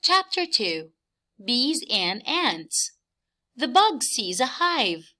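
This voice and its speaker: A woman reading a picture book aloud to children, slow and clearly enunciated in a cheerful way. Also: fairly high pitch, big pitch swings, bright, forceful tone. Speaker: teacher reading a storybook to children. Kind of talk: children's story read-aloud.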